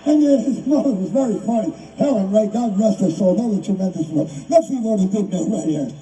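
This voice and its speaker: This older man's voice sits high and warm, and he speaks briskly while addressing an outdoor rally. His speech is emotional and full of repetition, captured from a distance with faint noise behind it.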